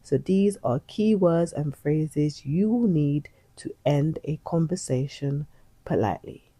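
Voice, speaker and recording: Woman teaching English, slow and patient, low pitch, dry close sound. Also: animated, mellow, husky, no echo. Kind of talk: English lesson for learners.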